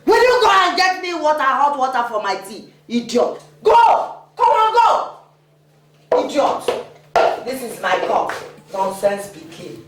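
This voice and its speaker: A woman's voice: a little high, sing-song, fairly bright tone, slight background noise. An actress with a Nigerian accent playing a harsh mother who calls her son names. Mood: bossy. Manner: insulting, slow and sing-song. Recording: distant echoey film audio.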